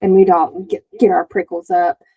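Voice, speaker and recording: A woman therapist, chatting as a guest and telling stories in a lively way, with lots of "like". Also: fairly low pitch, moderate pace, breathy edge, low-quality recording. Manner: animated storytelling, many "like" fillers, acts out quotes. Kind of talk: casual podcast conversation.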